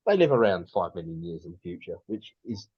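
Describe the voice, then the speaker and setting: Guy rambling on a podcast, husky voice, kinda muffled lo-fi audio. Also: sits low, sing-song, a little fast. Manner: rambling, full of restarts and fillers. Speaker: podcast co-host. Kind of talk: casual podcast chat.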